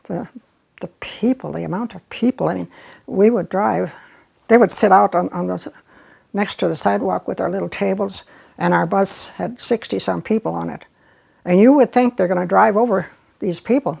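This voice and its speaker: Casting: older woman, husky and gravelly, chatty storyteller in an oral history interview. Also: mid-range voice, unhurried, pauses often, a little mellow. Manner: chatty and reminiscing, with frequent laughs.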